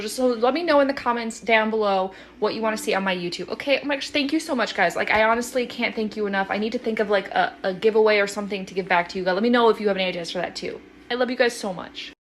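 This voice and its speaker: A woman's voice: fairly high pitch, quick pace, a bit bright, slight background noise. Bubbly, rambling young woman creator. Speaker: video creator. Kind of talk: casual chat to viewers.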